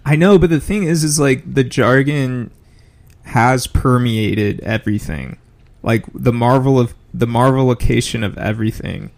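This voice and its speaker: A man in casual podcast chat, speaking in a measured, deadpan way. His voice is gravelly and sits at a middle pitch. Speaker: podcast co-host.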